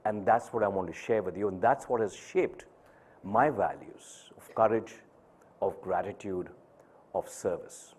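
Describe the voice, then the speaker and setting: A middle-aged man giving a personal storytelling speech to an audience, measured and pausing for emphasis. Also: on the low side, a little mellow, breathy edge. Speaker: speaker at an event.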